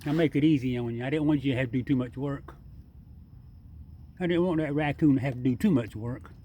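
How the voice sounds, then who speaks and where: Man, folksy and coaxing, chatting to wildlife outdoors at night; ordinary mid pitch, faint background hiss. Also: fairly quick, highs cut off. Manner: folksy, teasing, coaxing an animal. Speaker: backyard wildlife feeder. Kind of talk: casual talk to an animal while filming. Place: outdoors at night by a water drum.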